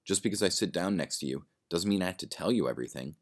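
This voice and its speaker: A man's voice: low-pitched, expressive, fast, pitched above the performer's own voice. A man doing a prickly well-off woman. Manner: defensive, sharp retorts.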